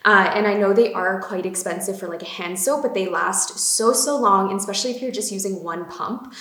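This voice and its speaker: A woman's voice: medium pitch, fast, hardly any pauses, a bit bright. A young woman gushing about beauty products in a casual vlog, with lots of fillers. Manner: bubbly, gushing, many fillers. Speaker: beauty vlogger. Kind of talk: casual chatty product talk. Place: home room. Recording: echoey room.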